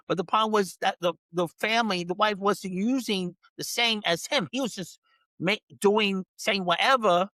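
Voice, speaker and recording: A man's voice: high voice, fairly bright tone, no room sound. A man who works as a dog trainer, a podcast guest telling a story in casual talk, full of restarts, who acts out other people's lines. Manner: frequent restarts and repeated words.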